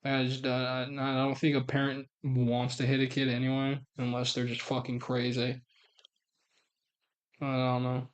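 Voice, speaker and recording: A man's voice: medium pitch, completely flat delivery, moderate pace. A man streaming, chatting casually with a guest in a blunt, joking way and swearing freely.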